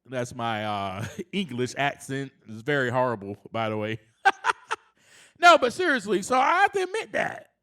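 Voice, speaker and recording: Hosting his own self-help podcast, this man talks earnestly, laughs a lot and builds to moments of passionate emphasis. He has a medium-pitched, sing-song, fairly bright voice and a moderate pace.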